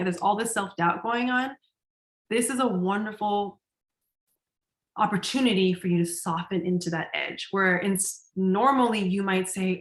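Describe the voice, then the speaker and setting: A woman's voice: medium pitch, moderate pace. Woman, teaching in a chatty register, casual profanity, roomy echo. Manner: conversational, heavy use of "like", swears casually, laughs often. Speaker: coach.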